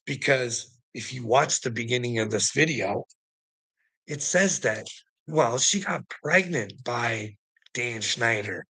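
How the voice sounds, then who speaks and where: A man's voice: mid-range voice, slow pace, gravelly, sharp tone, slightly rough, no room sound, rough recording. A man in an angry, profane commentary rant, firing off rhetorical questions and mocking taunts. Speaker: vlogger.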